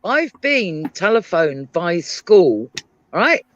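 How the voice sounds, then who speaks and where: Lively British woman telling stories. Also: fairly low pitch, slow pace, dry recording. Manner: animated storyteller, lively voice. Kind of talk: casual chat. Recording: dry, dull lo-fi stream audio.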